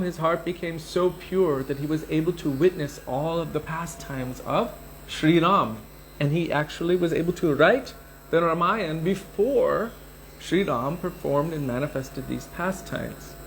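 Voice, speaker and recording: A man giving a scripture class, explaining pronunciation and retelling old stories in an unhurried, explanatory way. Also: a little high, a little hiss or hum, poor audio. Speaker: scripture teacher.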